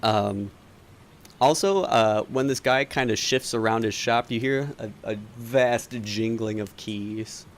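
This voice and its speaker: Rambling game master with a gravelly voice. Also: male voice, fairly low pitch, takes it slowly, a little hiss or hum. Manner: rambling, filler-heavy. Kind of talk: narrating a tabletop game.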